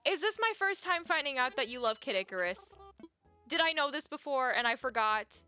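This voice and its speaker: A young woman chatting casually with her viewers as a live streamer, chatty and quick to get excited, laughing often. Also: high-pitched, clear, resonant tone, faint music behind.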